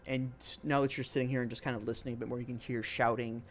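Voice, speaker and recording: A man's voice: medium pitch, level tone, fast, dull audio, a little hiss or hum. A man narrating as game master of a tabletop game, describing scenes in a loose, rambling way full of fillers.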